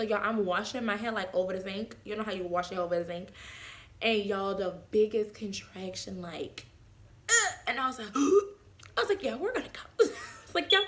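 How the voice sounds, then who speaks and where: A young woman vlogger telling a casual, animated story and acting out the quotes. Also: mid-range voice. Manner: animated, acts out quotes with voice swings.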